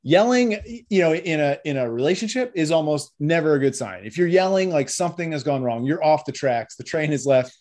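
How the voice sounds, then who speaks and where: Animated, joking podcast co-host man. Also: on the high side, fairly quick, hardly any pauses. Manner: animated, jokey, acts out quoted voices. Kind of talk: casual sports chat.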